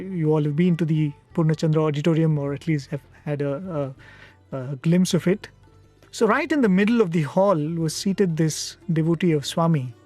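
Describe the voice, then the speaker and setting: A man from India speaking at a satsang, telling a devotional story in an unhurried, reflective way with frequent pauses. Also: on the high side, darkish tone.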